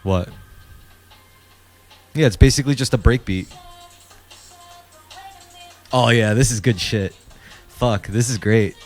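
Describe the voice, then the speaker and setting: A man co-hosting a podcast speaks slowly, with long pauses, in a medium-pitched, darkish voice. Watching music videos, he chats casually, offering loose, profane, wandering commentary.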